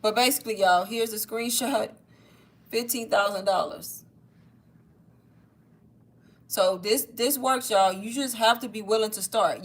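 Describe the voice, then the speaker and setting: A woman's voice: mid-range voice, a bit bright. A young woman hosting a casual livestream, chatty and persuasive, a bit out of breath and saying "y'all" all the time. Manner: chatty, says "y'all" constantly. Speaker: online course seller hosting a livestream. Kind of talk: casual livestream sales pitch.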